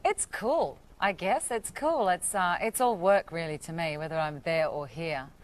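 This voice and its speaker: A woman's voice: on the low side, measured pace. A woman in her thirties from Australia with an Australian accent, a guest actress chatting casually in a TV interview. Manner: relaxed, laughs easily, trails off.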